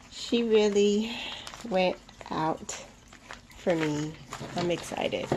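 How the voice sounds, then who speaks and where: A woman filming a casual unboxing vlog in her room at home, gushing with breathy, drawn-out exclamations. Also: low-pitched, noisy background. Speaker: vlogger.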